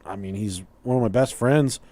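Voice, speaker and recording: A man's voice: fairly low pitch, normal speed, warm tone, dry recording. A man hosting a podcast, telling a rambling childhood story in casual chat, swearing freely and laughing as he goes. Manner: profane, laughs through his own story. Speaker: podcast host.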